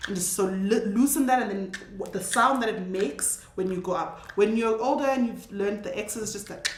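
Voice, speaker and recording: Woman teacher, casual lesson, models sounds slowly and patiently; mid-pitched, roomy echo. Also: a little hiss or hum. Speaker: language teacher. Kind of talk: casual spoken language lesson.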